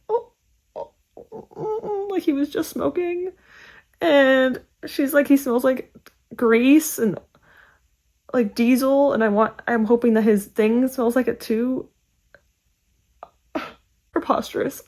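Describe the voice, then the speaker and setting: Woman book vlogger, casual chat to camera, filler-heavy and animated. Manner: chatty, many "like" fillers, animated pitch swings.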